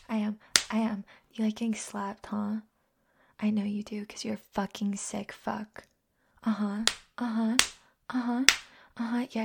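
A young woman acting a scornful, domineering roommate in a whispered role-play, talking in a mocking, contemptuous way with a husky voice. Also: mid-range voice, dark tone.

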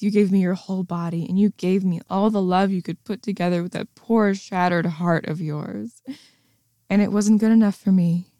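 A woman's voice: medium pitch, steady tone, moderate pace, warm tone, no room sound. A woman performing an adult audio role-play in a mocking, commanding manner, breaking into scornful laughs.

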